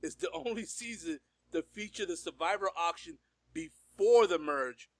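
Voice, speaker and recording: High-voiced upbeat male host. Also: expressive, moderate pace, dry recording. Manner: upbeat, laughs often, stumbles and restarts. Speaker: podcast host. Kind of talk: casual interview chat.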